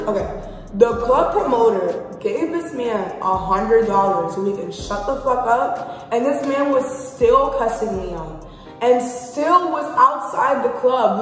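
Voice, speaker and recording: A young woman from Haiti telling a profane, animated storytime as a vlogger. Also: fairly high pitch. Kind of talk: storytime vlog. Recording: very echoey room with long reverb, faint music.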